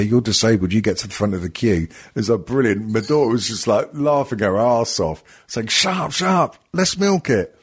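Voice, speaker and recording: A man's voice: lowish voice, breathy edge. A man hosting a casual comedy podcast, rambling, swearing and laughing often. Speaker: podcast host.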